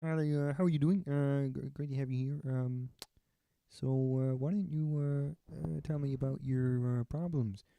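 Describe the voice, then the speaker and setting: A man voicing a frog puppet who works as a therapist, halting and full of hesitations. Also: mid-range voice, fairly even intonation, vocal fry, dark tone, voice pushed up, lightly acted. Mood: polite.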